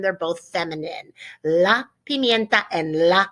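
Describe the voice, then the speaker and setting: A woman teacher recording a vocabulary lesson for her students, lively and coaxing, repeating each word as a drill. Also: medium pitch, normal speed. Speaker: Spanish teacher.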